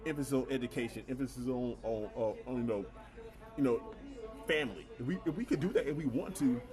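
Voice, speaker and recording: A man's voice: mid-range voice, fast. A man co-hosting a casual chat show, talking earnestly, asking rhetorical questions and repeating words while he works out his point. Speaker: podcast co-host.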